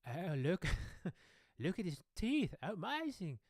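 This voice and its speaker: A man putting on an excitable Australian man presenting wild animals, with an Australian accent and gushing exclamations. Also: high voice, slow pace, slightly rough, no echo, clean studio sound, pitched above the performer's own voice, heavily acted. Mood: excited. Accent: Australian, put on.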